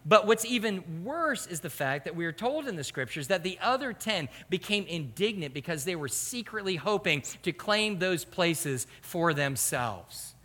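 A man preaching a sermon as pastor, animated and rhetorical. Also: sits high, normal speed, hardly any pauses. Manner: animated, rhetorical, acts out quoted voices. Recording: hall reverb.

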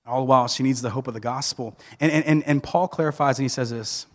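A lively male pastor, preaching with jokes and quick restarts. His voice sits at an ordinary middle pitch. The sound rings with the long reverb of a church hall. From Southern United States. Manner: animated, joking storyteller with frequent restarts. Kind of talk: sermon. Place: church sanctuary.

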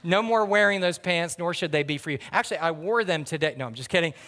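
A man with a fairly high voice delivers a sermon as a pastor. He tells folksy stories and keeps calling out to his congregation. His voice carries a long reverb from a large church hall. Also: expressive, fast talker, pushed and bright. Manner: folksy storytelling, calls to the congregation.

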